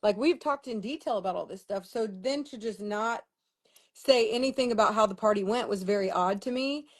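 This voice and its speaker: Young woman, livestream vlogger, casual storytelling, exasperated, swears a lot, mid-pitched voice. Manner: candid, exasperated, profane venting.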